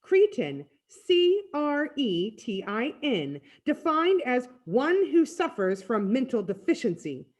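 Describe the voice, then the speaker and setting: A small genius boy, voiced by a woman reading a storybook, talks in a crisp, lecturing way. His voice sits well above her own and leaps about with excitement. When thrilled he shrills out facts. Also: very high voice, takes it slowly, hardly any pauses, pitched above the performer's own voice, exaggerated voice. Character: tiny brainy boy, bold and excitable. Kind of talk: read-aloud storybook voicing.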